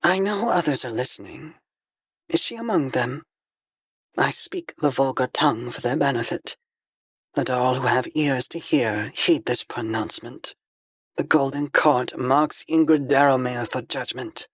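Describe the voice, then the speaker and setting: A man's voice: mid-range voice, measured pace, husky, no room sound, voice pushed up. A man voicing a blindfolded alien woman emissary, a serene fanatic who speaks in solemn ritual pronouncements. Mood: serene menace.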